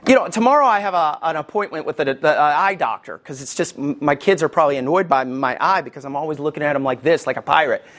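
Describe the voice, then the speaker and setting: Folksy preaching pastor, swinging pitch. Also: male voice, lively intonation, quick pace, hardly any pauses, fairly bright tone. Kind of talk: sermon.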